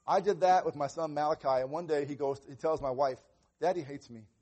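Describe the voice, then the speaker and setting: Earnest pastor, man with a higher voice. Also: fast, darkish tone. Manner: earnest, acts out little dialogues with children. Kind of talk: sermon on parenting.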